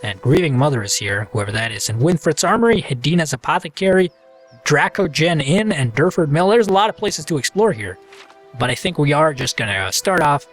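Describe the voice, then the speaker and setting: A man's voice: fairly high pitch, sing-song, brisk, soft background music. A man hosting a let's play, chatting casually and playfully while he reads the game aloud. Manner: chatty, playful, self-mocking.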